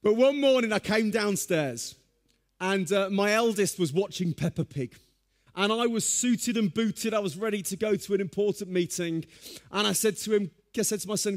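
A man preaching a sermon, telling stories in a lively, humorous way. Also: sits high, normal speed.

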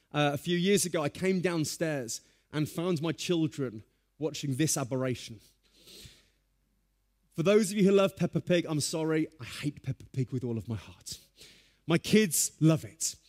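Man, preacher, sermon, lively humorous storytelling, slightly high voice. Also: a little slow.

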